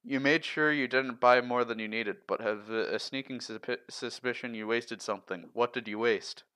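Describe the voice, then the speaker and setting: Guy reading out riddles on a podcast, medium pitch, dry close mic. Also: moderate pace, clean tone, no echo. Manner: reads long riddles in a steady listing way. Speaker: podcast co-host. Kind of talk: casual chat, reading riddles aloud.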